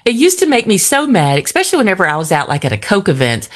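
A woman's voice: medium pitch, quick pace. A woman co-hosting a radio show, talking candidly and expressively. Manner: expressive, candid, laughing easily. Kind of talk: casual on-air chat.

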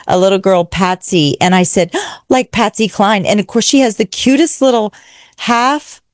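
A woman tells a story in casual conversation, gushing and animated. Her voice sits at an ordinary pitch. It is recorded close and dry, with no room sound. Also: normal speed, no room sound. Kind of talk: casual chat.

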